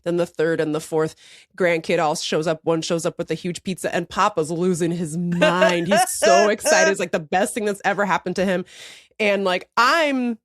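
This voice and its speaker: A woman in her thirties co-hosting a podcast, telling stories in animated casual chat with swearing and laughter. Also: on the low side, normal speed, dry recording, studio quality. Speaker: podcast co-host.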